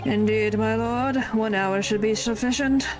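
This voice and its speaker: A woman's voice: on the high side, fairly even intonation, measured pace, over music, natural voice. A woman voicing a cold, proud male prosecutor in a courtroom game. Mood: haughty. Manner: formal, lofty courtroom speech.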